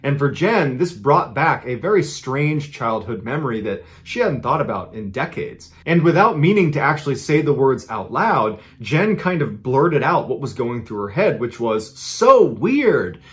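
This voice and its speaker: A man's voice: medium pitch, normal speed, few pauses. Male host-narrator, conversational true-story telling. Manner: conversational, deadpan joking in the intro.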